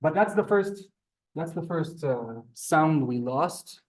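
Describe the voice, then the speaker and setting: A man teaching a live beginners' Hebrew class, halting and repeating words, polite to his students. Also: on the high side, animated.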